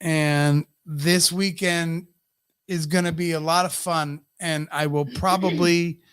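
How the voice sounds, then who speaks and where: A man co-hosting a live podcast, ranting in an emotional and profane way. His voice sits fairly high and he takes his time, with a dry, close sound. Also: fairly even intonation, takes it slowly, fairly bright tone, clean tone, no echo. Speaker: podcast co-host. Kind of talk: casual live podcast chat.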